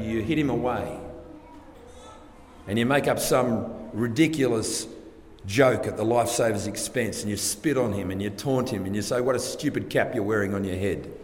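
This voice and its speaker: A man preaching a sermon to a congregation, earnest and full of rhetorical questions, rising and dropping his loudness for emphasis. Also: on the low side, a little hiss or hum. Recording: long hall reverb, faint background ambience.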